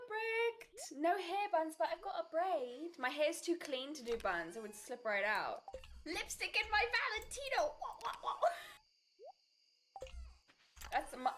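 A woman's voice: fairly high pitch, slight background noise. A young adult woman streaming a co-op game, playful and jokey in casual chat.

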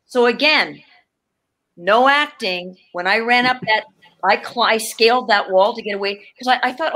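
A woman's voice: medium pitch, a little slow. A woman in her fifties, a guest actor from Canada, telling stories in a casual interview over a video call, laughing often and restarting her sentences. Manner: animated, laughing, many restarts.

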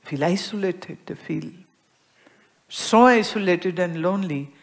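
An Indian-accented woman delivering a spiritual discourse to an audience. She speaks with lively expression, dropping to a soft hush and then rising to emphasis as she explains, often acting out little everyday exchanges. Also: lowish voice, a little slow, vocal fry. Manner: expressive, acts out everyday dialogues, swings between soft and emphatic. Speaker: spiritual teacher.

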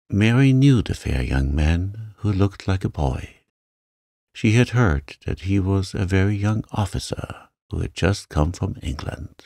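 Man, calm sleep-story narration, unhurried, dry close sound. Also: low voice, creaky, no room sound. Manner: slow, soft and gentle.

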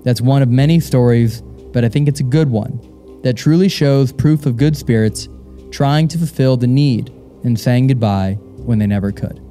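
Young man, live host, dark mellow voice, rambles and laughs a lot, soft music under it. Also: mid-range voice, normal speed. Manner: rambling, repeats words, laughs often. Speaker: co-host of a live paranormal show. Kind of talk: casual live stage chat and reading aloud. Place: live show in a castle venue.

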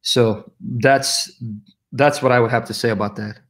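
A man's voice: mid-range voice, steady tone, a little slow, fairly bright tone. A man hosting a live question-and-answer stream, answering chat comments in a blunt, preachy way and citing scripture. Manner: blunt, preachy, quotes scripture, jokes about himself. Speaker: livestream host answering chat.

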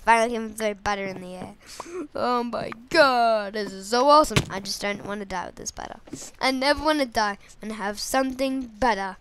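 A woman giving goofy, excitable let's play commentary while playing a game, talking to herself and the viewers. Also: mid-range voice, brisk, slight background noise. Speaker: gamer.

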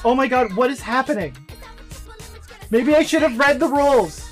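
A woman's voice: high voice, animated, moderate pace, soft background music, low-quality recording. A woman streamer giving casual gameplay commentary, full of frantic exclamations and cursing. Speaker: game streamer.

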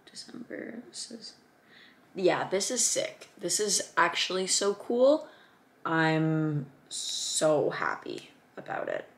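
A young woman, a student vlogger, chatting casually and excitedly, gasping and gushing as she talks. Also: medium pitch, gravelly. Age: young adult. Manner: excited, gushing, lots of gasps and fillers. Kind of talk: casual chat.

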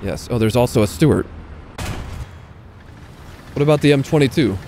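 A young gaming YouTuber with a warm, gravelly, mid-range voice speaks at normal speed while playing a tank game. He offers casual, self-mocking live commentary, swearing and talking to himself, as faint game gunfire and vehicle sounds play behind him.

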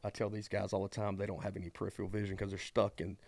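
A middle-aged man, a college baseball coach telling his story as a podcast guest in a folksy, animated way full of fillers and restarts. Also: low voice, rapid-fire, creaky, slight background noise. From eastern North Carolina. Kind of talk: casual storytelling conversation.

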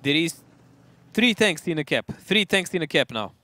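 Bright-toned male esports co-caster. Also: on the high side, normal speed, dry recording. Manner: analytical, erupts into excited shouts. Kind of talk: live color commentary.

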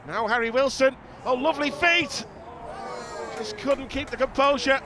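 A man commentating on football match highlights, calm between chances and jumping up loud at goals. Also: moderate pace, crowd noise, noisy background. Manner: rises sharply and loud when goals go in. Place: outdoors at a windy football ground.

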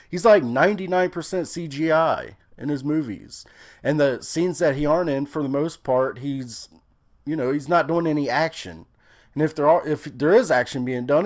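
Young man, casual movie review, rambling, opinionated, lots of fillers. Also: fairly high pitch.

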